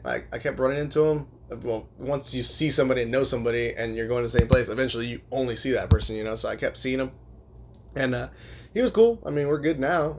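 A young man tells a rambling story at a fast clip, piling up fillers and swearing freely. His voice has a gravelly, creaky edge at a middle pitch. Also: slight background noise. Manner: laughs while telling. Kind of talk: casual storytelling.

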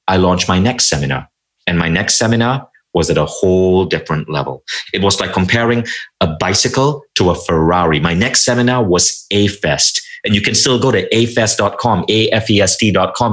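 Lowish-voiced man telling an emphatic story. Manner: animated, emphatic anecdote telling. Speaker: interview guest, entrepreneur. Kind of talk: motivational storytelling.

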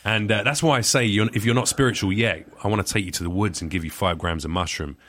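A man as a talk show guest, brash and quick with crude jokes and eager interjections. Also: on the low side, fairly bright tone. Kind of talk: casual chat.

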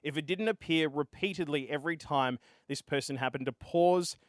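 An Australian man hosting a casual gaming podcast, out of breath and energetic. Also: on the high side, moderate pace, dry recording, clean studio sound. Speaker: podcast host.

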